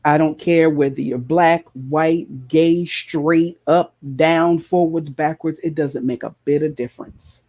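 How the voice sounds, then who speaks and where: A preacher delivers an emphatic sermon, driving his points home through repetition. His voice is husky and mellow, sitting a little higher than most men's. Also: fairly even intonation, takes it slowly, few pauses. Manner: impassioned, emphatic, repeats phrases. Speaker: preacher and show host.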